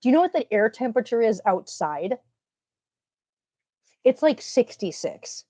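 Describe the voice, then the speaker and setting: A woman's voice: on the high side, very animated, measured pace, dry recording. Chatty Minnesotan woman livestreaming. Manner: chatty, storytelling, greets viewers warmly. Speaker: livestream host. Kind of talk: casual livestream chat.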